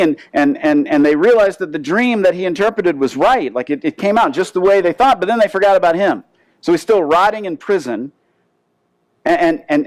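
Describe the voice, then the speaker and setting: A male pastor preaching a sermon, telling a story with lively asides and frequent word restarts. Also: fairly high pitch, dry recording, rough recording.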